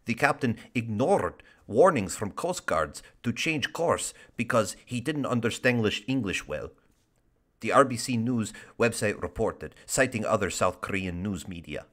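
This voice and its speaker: A man's voice: fairly low pitch, animated, measured pace, fairly bright tone. A man putting on a mock Russian accent to read a news story in a hammy, over-the-top way. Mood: mock-serious.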